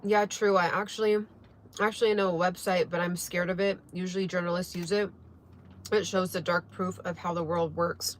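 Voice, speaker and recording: A woman's voice: fairly low pitch, flat delivery, moderate pace, slight background noise. Chatty woman rambling while eating. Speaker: vlogger. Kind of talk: casual chat to camera while eating.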